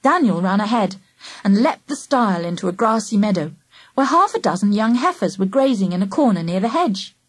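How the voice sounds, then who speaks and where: A woman reads a children's book aloud in a first-person narrator's voice. Her pitch rises and falls with lots of life, and her tone has a husky grain. The recording is dry and close. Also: a little fast, no room sound. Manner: lively, animated first-person storytelling. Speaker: audiobook narrator. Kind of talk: storybook narration.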